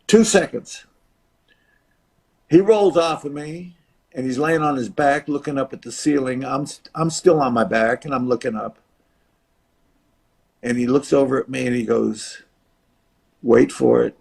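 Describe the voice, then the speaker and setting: An older man, a retired wrestler, telling a story as a podcast guest and acting out the voices of others with big shifts in loudness. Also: mid-range voice, a little slow, gravelly, long pauses. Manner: acts out voices of others in his stories, dramatic shifts in loudness. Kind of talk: animated storytelling.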